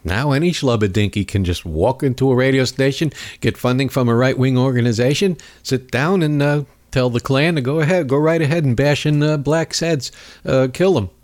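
A man's voice: mid-range voice, normal speed, a little mellow. A man hosting a talk radio show, talking in a rambling, sarcastic way with mocking asides. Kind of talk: casual political talk radio monologue. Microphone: studio microphone.

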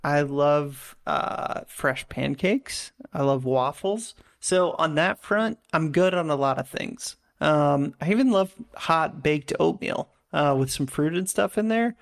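Male podcast co-host, gravelly and slightly high, easygoing enthusiastic banter. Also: slow, hardly any pauses. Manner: laughs often, enthusiastic, says "dude". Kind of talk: casual chat.

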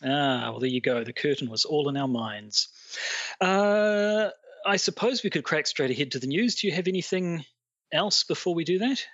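A man's voice: a little high, animated, moderate pace, fairly bright tone, no room sound, dull audio. A man hosting a podcast in a playful, teasing, rambling way. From Britain. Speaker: podcast host. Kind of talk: casual podcast chat.

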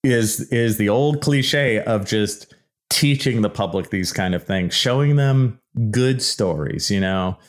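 A middle-aged man hosting an archaeology podcast in a casual, animated solo talk, slipping into goofy voices for mock quotes. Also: on the low side, takes it slowly.

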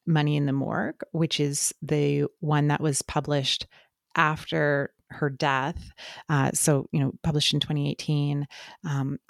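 A woman co-hosting a podcast, speaking thoughtfully and pausing often with fillers. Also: deep voice, creaky, no room sound, clean studio sound. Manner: thoughtful, hesitant with many fillers. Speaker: podcast co-host. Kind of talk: casual chat.

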